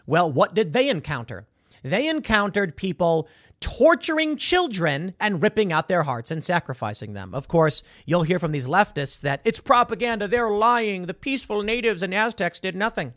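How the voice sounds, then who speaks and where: A male commentary host with a somewhat high voice that swings up and down all the time. He talks with mocking sarcasm in a dry, close recording. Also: fairly bright tone, no room sound. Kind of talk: opinion commentary on a viral video.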